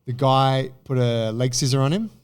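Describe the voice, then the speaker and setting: A man's voice: mid-range voice, fairly even intonation, moderate pace, darkish tone, smooth. A man co-hosting a podcast, telling stories in a laid-back way with casual slang and swearing. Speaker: podcast co-host. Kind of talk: casual chat.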